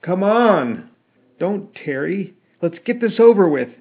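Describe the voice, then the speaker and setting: A man's voice: mid-range voice, lively intonation, moderate pace, lightly acted. A man voicing a hot-tempered, impatient soldier who talks bluntly. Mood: angry. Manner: blunt, shouting. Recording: tinny phone-like sound.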